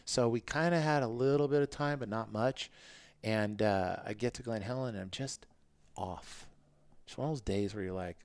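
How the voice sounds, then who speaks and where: Man, 50s, podcast guest, casual storytelling, animated, dry close sound. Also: moderate pace, clean tone, no echo. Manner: animated, acts out quotes in a higher voice. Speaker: podcast guest, former motocross racer.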